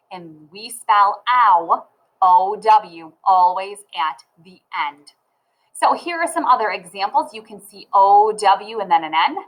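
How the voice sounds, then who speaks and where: A woman teaching a phonics lesson to children, sounding out letters and words slowly and clearly. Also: medium pitch, fairly bright tone, poor audio.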